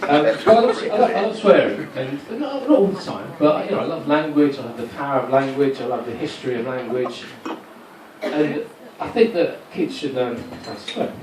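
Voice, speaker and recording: A man's voice: mid-range voice, expressive, a little fast, noisy background. Man doing stand-up, far off. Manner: rambling, self-mocking, with stumbling restarts. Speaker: stand-up comedian. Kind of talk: stand-up comedy set. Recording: roomy live venue from a distant mic, loud crowd laughter.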